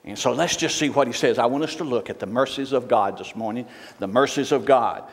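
A man gives a sermon as guest preacher in a church. His talk is folksy, full of joking asides, and he reads scripture aloud in a raised voice. His mid-pitched voice rings with a long church reverb. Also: a little fast. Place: church sanctuary.

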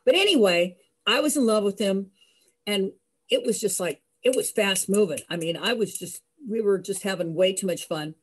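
An older woman telling a personal story in a lively way, acting out the voices of the people in it. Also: mid-range voice, normal speed, slight background noise. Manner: lively, acts out voices, laughs. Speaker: storyteller host.

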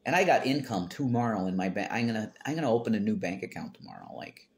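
A man's voice: lowish voice, animated, fast talker. A man hosting a casual home livestream, reading chat comments aloud, rambling and swearing bluntly.

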